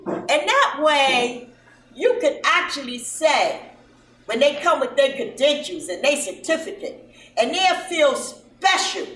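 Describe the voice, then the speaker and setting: A woman's voice: high-pitched, bright, forceful tone. A woman who runs a mothers' support program, speaking earnestly and emphatically to a gathering. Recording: roomy, distant mic.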